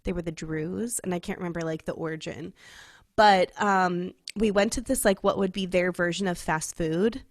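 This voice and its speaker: A woman's voice: fairly low pitch, fairly even intonation, normal speed, no echo. Young female podcast co-host, casual and chatty, filler-heavy, dry close recording. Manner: chatty, many "like" fillers, laughs often. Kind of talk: casual chat.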